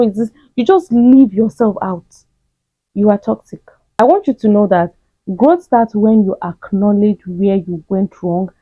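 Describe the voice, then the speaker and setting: A woman delivers a blunt, repetitive self-help lecture straight at the listener. Her voice sits at a middle pitch and comes through thin and tinny, like a phone line. The sound is close and dry, with no room around it. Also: dry recording. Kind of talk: direct-to-camera advice monologue.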